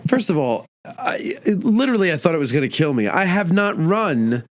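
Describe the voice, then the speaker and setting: A man co-hosting a podcast, telling an animated story in casual chat and acting out the lines of people in it. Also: sits high, normal speed. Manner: animated, acts out dialogue in his own stories. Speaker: podcast co-host.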